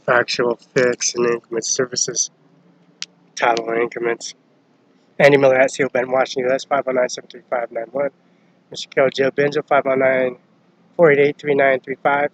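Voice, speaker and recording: A man's voice: medium pitch, level tone, normal speed, slight background noise, rough recording. Rambling, agitated man ranting. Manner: agitated, rambling, profane, jumping between topics. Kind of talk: rambling complaint monologue.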